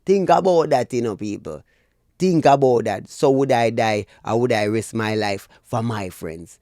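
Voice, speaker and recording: A man's voice: lowish voice, measured pace, no echo, clean studio sound. Jamaican man in preachy vlog commentary. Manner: animated, preachy, addresses viewers as "people". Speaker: dancehall commentary vlogger. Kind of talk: opinionated commentary.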